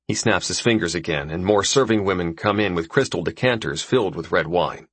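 A man narrating a fantasy audiobook in the first person with an expressive storytelling delivery. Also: low voice, a little fast, husky, no room sound.

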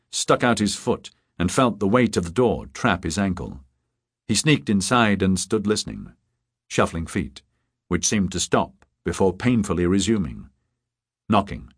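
In a measured, even reading, a man narrates a crime novel audiobook as scripted narration. His voice is lowish, and the recording is dry and studio quality.

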